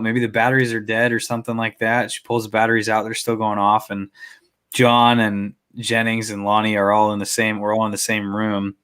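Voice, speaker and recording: Low-voiced man in his twenties. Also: a little fast, smooth. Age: 20s. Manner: relaxed, swears casually. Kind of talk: casual chat, storytelling.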